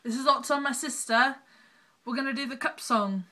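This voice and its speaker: Young woman, bright and fairly high, playful and bossy, directing her sister. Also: moderate pace. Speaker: vlogger introducing the video. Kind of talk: casual chat between sisters.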